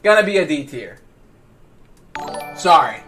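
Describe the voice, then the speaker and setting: A man with a high, bright, ringing voice talks loosely on a livestream, stumbling over his words and repeating himself as he goes. Faint music plays behind him. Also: very animated, a little slow. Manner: rambling, stammering repeats. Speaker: livestream host. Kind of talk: casual livestream chat.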